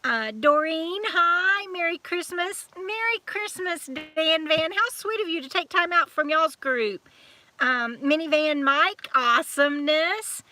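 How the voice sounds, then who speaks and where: A woman's voice: extremely high pitch, unhurried, pushed and bright. A woman with a Southern US accent hosting a live-stream chat, talking in a chatty, scattered way as she greets viewers one by one. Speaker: YouTube channel host.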